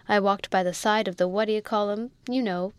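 A woman's voice: medium pitch, steady tone, moderate pace, clear, resonant tone, dry recording, lightly acted. A woman voicing a big, sulky guardsman husband who blusters and stammers, in a storybook reading. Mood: flustered.

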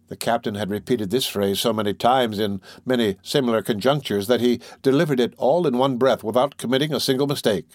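Guy reading an old novel out loud, measured and expressive, dry close sound. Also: mid-range voice, no echo. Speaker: audiobook narrator. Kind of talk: classic novel read aloud.

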